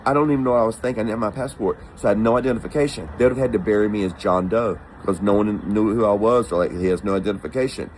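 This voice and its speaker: A man's voice: on the low side, rapid-fire, hardly any pauses, slight background noise, rough recording. A man telling a personal travel story casually and with animation, acting out the voices of the people in it. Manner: animated, acts out quoted voices.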